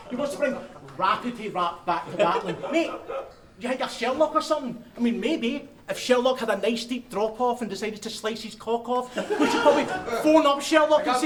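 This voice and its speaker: A Scottish man spitting crude, taunting battle bars, breaking into laughter at his own jokes. His voice sits very high and rings around a roomy hall. A big crowd cheers behind him. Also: fairly quick. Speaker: battle rapper. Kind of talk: live rap battle performance. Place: large live venue. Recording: echoey hall with loud crowd.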